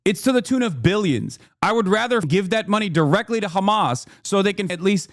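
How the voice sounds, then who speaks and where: A man's voice: high voice, lively intonation, fairly quick. Heated, blunt male streamer. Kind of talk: live-stream political commentary.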